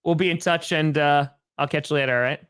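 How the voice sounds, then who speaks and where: A man's voice: on the high side, steady tone, fast, fairly bright tone, clear, resonant tone. A man hosting a livestream, easygoing and agreeable, laughing along with his guest. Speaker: host. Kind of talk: casual chat on a livestream.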